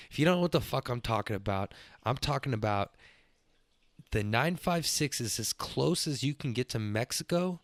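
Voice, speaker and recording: A young man, hosting a podcast as a rambling, profane monologue that gets louder when he is worked up. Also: medium pitch, no echo. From Texas. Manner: profane, loose and excitable, swings up when worked up. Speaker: podcast host.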